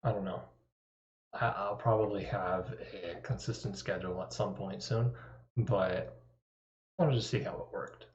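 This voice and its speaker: A man with a lowish voice chats casually on a live stream, drifting between topics with wry, self-deprecating asides. His desktop mic sounds dull and lo-fi, and the room adds a clear echo. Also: steady tone, a little slow, long pauses. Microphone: desktop microphone.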